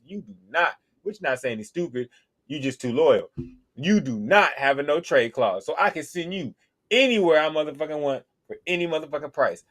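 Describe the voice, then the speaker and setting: A man hosting a sports podcast, ranting casually in a heated, profane way. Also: a little high. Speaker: podcast host. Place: podcast studio.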